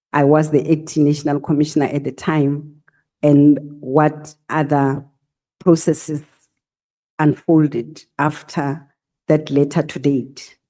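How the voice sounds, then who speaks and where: A middle-aged woman, giving formal testimony to a committee as a senior police officer, in a measured, halting way with filler sounds. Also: low voice, warm tone.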